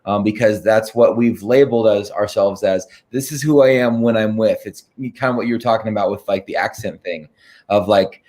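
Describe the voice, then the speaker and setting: A man's voice: lowish voice, moderate pace, a little mellow. Hesitant man in casual chat. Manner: hesitant, many ums and restarts. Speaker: co-host coach.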